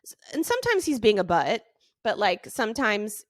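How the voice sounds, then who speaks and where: Young woman, casual podcast co-host, lively up-and-down voice, dry close sound. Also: medium pitch, normal speed, dry recording. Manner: chatty, heavy use of "like". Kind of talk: casual chat.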